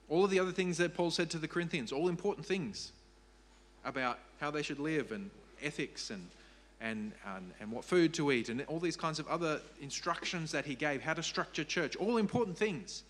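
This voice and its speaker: A man's voice: on the high side, a bit bright. A man preaching a sermon as pastor, earnest and repeating key phrases for emphasis.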